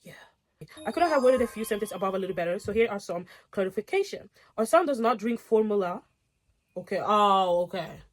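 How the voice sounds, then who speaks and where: A woman's voice: medium pitch, animated, brisk. A young woman reading online posts aloud and reacting in a casual, outspoken way, swearing and getting heated. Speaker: storytime reactor.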